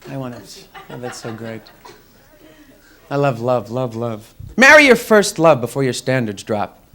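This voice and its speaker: A man's voice: mid-range voice, expressive, unhurried, bright, forceful tone. A young man doing a stand-up comedy set on a club stage, wry and mocking, slipping into quoted voices.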